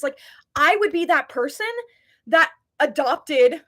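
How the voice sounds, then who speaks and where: High-voiced chatty woman in her twenties. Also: animated, normal speed, sharp tone. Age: 20s. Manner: chatty, heavy use of "like", earnest and passionate. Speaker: live chat host. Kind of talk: casual live chat.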